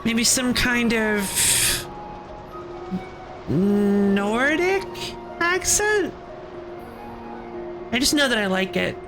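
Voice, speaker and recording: A woman's voice: on the high side, animated, extremely slow, pauses often, over music. A woman streamer giving casual let's-play commentary, musing and thinking aloud with curiosity. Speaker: game streamer.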